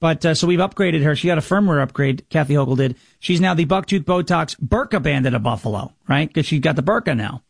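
A sarcastic male commentator holds forth in a loose, mocking monologue. His voice sits high for a man and carries a gravelly edge. The sound is dry and close, with no room around it. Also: animated, fairly quick, few pauses, dry recording. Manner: mocking, sarcastic, mimics opponents in whiny voices. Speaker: radio and podcast host. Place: Tennessee.

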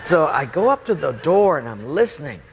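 A man animatedly telling a funny story from his own life, often laughing as he talks. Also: a little high.

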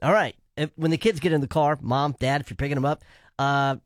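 A man hosting a radio show, talking in a chatty, upbeat way with quick asides. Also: on the high side, no room sound, clean studio sound. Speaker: radio host. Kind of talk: morning radio chat.

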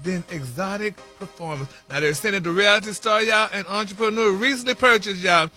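A man's voice: high voice, brisk, bright, forceful tone, faint music behind. A man reporting celebrity news on a radio show in a sassy, gossipy way, calling listeners "honey" and "y'all" constantly. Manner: sprinkles "honey" and "y'all" through every sentence; sassy, chatty.

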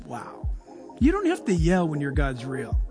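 Pastor, male, high tenor, lively sermon delivery with loud and hushed turns, long hall reverb. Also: unhurried, faint music behind. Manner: animated, shifts between loud bursts and soft hushed asides.

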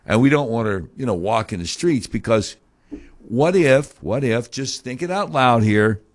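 A man's voice: medium pitch, expressive, unhurried. A man hosting a talk show, delivering a heated, sarcastic opinion monologue full of mocking rhetorical questions.

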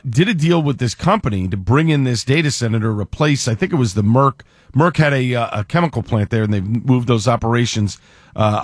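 A man's voice: mid-range voice, no echo, studio quality. A man giving casual political commentary as a radio guest, rambling with many fillers and restarts, and quoting others in put-on voices.

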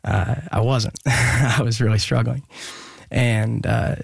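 A young man telling a personal story in an interview, halting and earnest with many pauses and restarts. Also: mid-range voice, level tone, gravelly, slightly rough, dry recording, clean studio sound. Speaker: guest musician.

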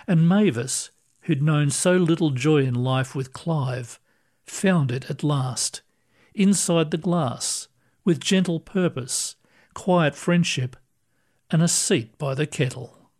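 A man narrating a short story in a calm, measured way. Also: on the high side. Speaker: story reader. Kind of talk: scripted narration.

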